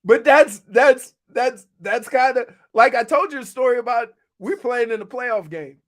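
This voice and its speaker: A man co-hosting a sports talk radio show, a former pro football player who tells lively locker-room stories and laughs a lot. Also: very high-pitched, moderate pace. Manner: animated storyteller, laughs a lot.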